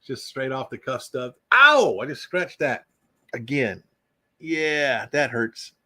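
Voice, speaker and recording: A YouTube livestream host with a medium-pitched, bright voice speaks slowly and forcefully. In a casual, unscripted live chat, he rambles and jokes while greeting viewers by name.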